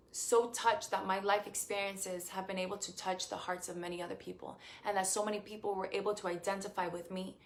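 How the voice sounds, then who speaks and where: A young woman from Puerto Rico, a beauty queen answering fan questions in a casual live stream, effusive and grateful, with many fillers and restarts. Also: medium pitch.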